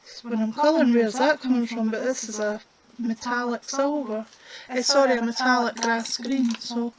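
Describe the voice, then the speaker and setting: A woman's voice: on the high side, steady tone, a crowd in the background, rough recording. A woman, chatting casually while demonstrating a colouring craft. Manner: chatty, unhurried, talks while working.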